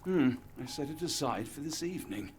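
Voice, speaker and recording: A man's voice: a little high, expressive, a little fast, natural voice. Man voicing a flustered army doctor. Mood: exasperated. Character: flustered male army doctor, polite, put-upon. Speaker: game character.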